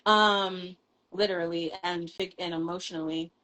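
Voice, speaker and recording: A woman's voice: lowish voice, steady tone, moderate pace, bright, forceful tone, rough recording. A woman in a candid personal conversation, talking frankly, swearing casually and laughing between thoughts, over a live video call. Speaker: guest.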